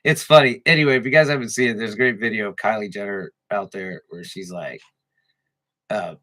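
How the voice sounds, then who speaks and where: A man's voice: on the low side, a little fast, sharp tone. A man co-hosting a casual comedy podcast, cracking crude jokes and mimicking voices. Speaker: podcast co-host.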